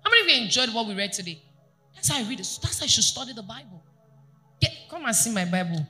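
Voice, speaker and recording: A woman pastor preaching a sermon to her congregation, animated and often asking them questions. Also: fairly high pitch, fast, soft background music. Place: church.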